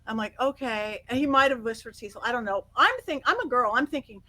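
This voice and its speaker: A middle-aged woman guest on an interview, telling stories in an animated way, acting out quotes and laughing often. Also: a little high, brisk, hardly any pauses, rough recording. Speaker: guest psychic medium. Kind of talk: casual interview storytelling.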